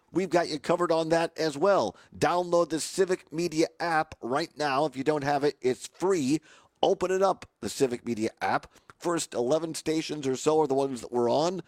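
A man hosting a radio talk show, his voice raspy today, chatty and upbeat. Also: on the high side, dry recording. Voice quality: upbeat, chatty, plugs and promos.

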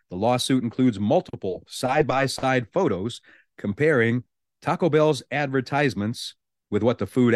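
A man's voice: medium pitch, darkish tone, no echo. A male radio show host, chatting casually on a studio mic and reading out the news with amused asides. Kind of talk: morning radio talk.

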